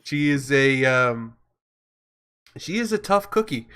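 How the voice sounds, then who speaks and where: A man narrating as game master for a tabletop session over voice chat. He speaks slowly and haltingly, filling gaps with pauses and restarts, at a middling pitch. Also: very animated, sharp tone, smooth. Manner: slow, halting, many ums and restarts.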